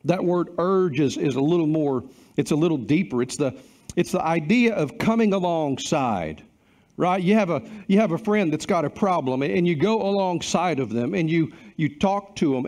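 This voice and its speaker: A man's voice: on the high side, darkish tone. A middle-aged man preaching a sermon as pastor, earnest and emphatic, stacking repeated phrases.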